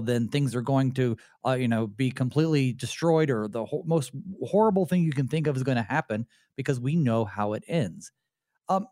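A pastor who hosts a radio talk show discusses theology conversationally, sounding reflective and candid with occasional fillers. His voice is medium-pitched and a bit mellow, recorded in a clean studio with no echo.

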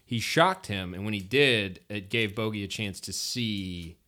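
A man's voice: on the low side, a little slow, pushed and bright. A man running a tabletop game as game master, narrating casually with many restarts and fillers.

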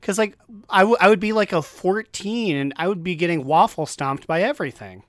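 A man's voice: high-pitched, lively intonation, a little fast, a bit bright, no room sound, studio quality. A man chatting casually about a video game, joking and teasing his friends. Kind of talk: casual gaming chat.

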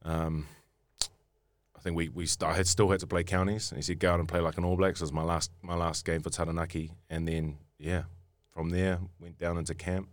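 A young New Zealand rugby player, interviewed, rambles through a story, often repeating and restarting words. His voice is deep with little pitch movement, at normal speed, with no echo.

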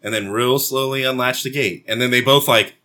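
A man in casual chat, telling an animated story full of swearing and acted-out voices. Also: mid-range voice, brisk, slight background noise. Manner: animated storyteller, mimics dogs and himself yelling, swears a lot.

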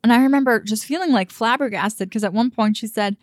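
A woman's voice: on the high side, a little fast, no room sound, clean studio sound. A young woman, a dating coach, giving frank and emphatic casual commentary with frequent fillers and some swearing.

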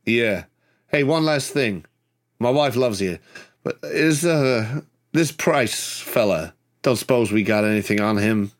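A man's voice: mid-range voice, unhurried, close to an everyday voice. A man playing a laid-back 1940s ladies' man detective in a tabletop game, easygoing and drawling. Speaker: player.

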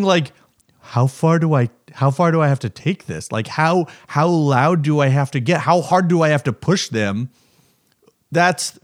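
Male podcast host and comic, mid-pitched, rambling and self-deprecating, lots of likes and restarts, slips into silly voices. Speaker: podcast host and stand-up comedian. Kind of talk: casual comedic monologue.

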